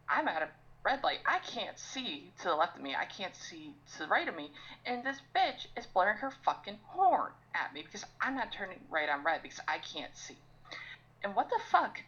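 A woman's voice: mid-range voice, very animated, moderate pace, fairly bright tone, highs cut off. A young woman ranting on a casual podcast, swearing often and sounding exasperated. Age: young adult. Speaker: podcast co-host.

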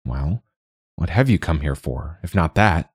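A self-important middle-aged mayor talks in a formal, pompous tone, pitched a bit higher than a deep storyteller's own voice, as a male narrator puts him on. Under the ceremony he is anxious about his post. The sound is dry and close. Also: lively intonation, measured pace, slightly rough, dry recording, full character voice.

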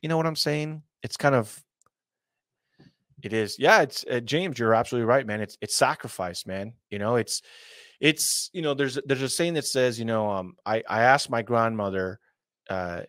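A man's voice: medium pitch, normal speed, fairly bright tone, dry recording. Rambling earnest man, dry close sound. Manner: rambling, many fillers and asides, earnest preaching tone. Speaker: commentary show host. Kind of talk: casual commentary monologue. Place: small hot room at home.

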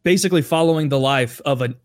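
A man's voice: on the high side, fast talker, no room sound, studio quality. A man in casual podcast chat, insistent and emphatic, swearing freely as he explains.

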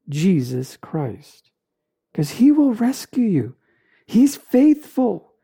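A preacher gives a sermon in a warm, mellow voice. The delivery is unhurried and emphatic, leaning on dramatic pauses and repeated lines. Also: medium pitch.

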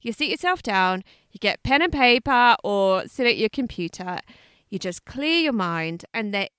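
A woman with an Australian accent, co-hosting a podcast in casual, animated chat, swearing freely and laughing often. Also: mid-range voice, moderate pace, clear, resonant tone, no room sound, studio quality. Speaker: podcast co-host.

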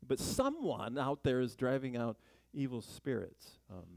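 Man, Bible teacher, chatty sermon, rhetorical questions, lively pitch, dry close sound. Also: a little slow, vocal fry, hardly any pauses, dry recording. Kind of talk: conversational Bible study sermon.

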